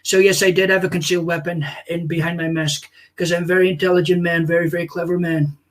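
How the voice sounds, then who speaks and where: A man's voice: high-pitched, little pitch movement, natural voice. A comedian voicing a boastful older male politician who rambles and praises himself. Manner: pompous, repetitive, drawn-out boasting. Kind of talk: comic impression on a livestream.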